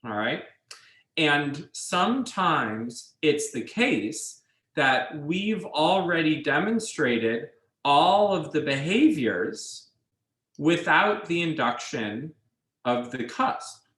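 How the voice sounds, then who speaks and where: Slow, deliberate male lecturer in an echoey room. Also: fairly high pitch, sing-song, fairly bright tone. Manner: measured, explains step by step, checks in with students. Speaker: university instructor. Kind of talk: classroom lecture.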